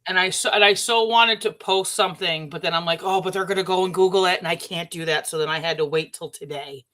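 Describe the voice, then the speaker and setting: A co-host on a casual livestream podcast, upbeat with quick asides. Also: mid-range voice, fairly even intonation, sharp tone.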